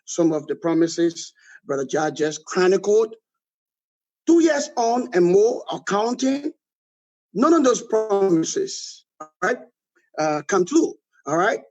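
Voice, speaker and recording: A man's voice: sits high, big pitch swings, slow pace, long pauses, a little mellow, lo-fi sound, soft background music. A man with a Liberian accent, a political guest giving emphatic critical commentary and often adding "all right?".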